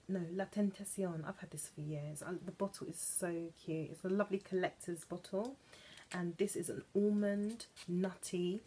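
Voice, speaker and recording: A woman from England chatting playfully about perfumes, gushing and now and then dropping into soft whispers. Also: fairly low pitch, slight background noise. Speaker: perfume vlogger. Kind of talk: chatty vlog.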